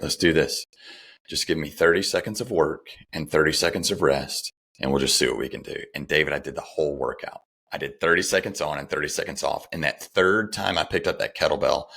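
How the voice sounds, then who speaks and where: A man's voice: extremely low pitch, fairly quick, creaky, pushed and bright. A middle-aged man, a podcast guest, candidly telling a personal story and retelling the dialogue, with some restarts.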